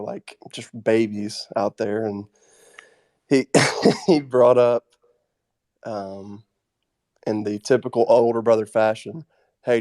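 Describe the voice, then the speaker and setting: A young man tells a story about his older brother, pausing now and then as he finds his words. His voice is low and mellow, and it sounds dry and close, with no room around it. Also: no echo. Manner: earnest, halting delivery. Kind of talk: casual storytelling.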